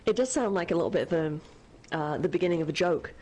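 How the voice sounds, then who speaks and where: A woman's voice: fairly low pitch, expressive, fast, darkish tone, poor audio. A British woman chatting casually over a game stream. She talks freely, teases her co-host and laughs often between thoughts. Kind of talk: casual chat over gameplay.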